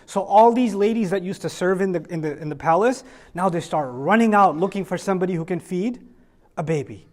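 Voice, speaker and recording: A man's voice: high-pitched, a little fast. A man telling a story to children in a lesson, acting out the characters and asking the kids questions. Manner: animated, acts out characters with voice changes, asks the kids questions. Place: room with children listening.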